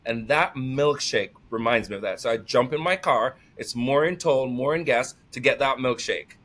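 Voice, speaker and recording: A middle-aged man talking casually as a podcast guest, energetic and emotional, laughing often and near tears. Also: medium pitch, normal speed. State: tearful. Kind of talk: casual conversation.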